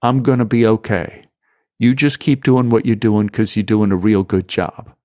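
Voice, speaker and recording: A man voicing a brave young boy who calmly reassures an adult, in his own everyday voice. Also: lowish voice, moderate pace, dry recording, clean studio sound, lightly acted. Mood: reassuring. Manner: calm, steady reassurance.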